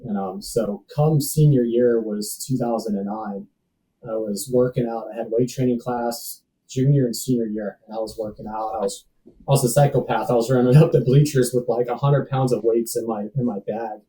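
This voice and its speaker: A man's voice: medium pitch, steady tone, moderate pace, dark tone, far from the mic, poor audio. A man in his thirties telling a personal story as a podcast guest, casual and slangy, calling people dude and bro. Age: 30s. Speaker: podcast guest, safety professional.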